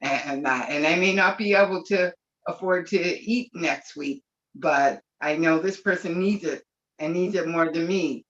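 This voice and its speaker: A woman's voice: lowish voice, unhurried, a bit bright. Gushing woman on a lo-fi video call. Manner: gushing, rambling, emotional. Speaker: webinar participant. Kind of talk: emotional video-call testimony. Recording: dull lo-fi call audio.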